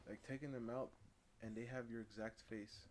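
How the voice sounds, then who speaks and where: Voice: mid-range voice, steady tone, normal speed, a little mellow, a little hiss or hum. A co-host chatting casually, speaking hesitantly with many fillers. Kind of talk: casual chat.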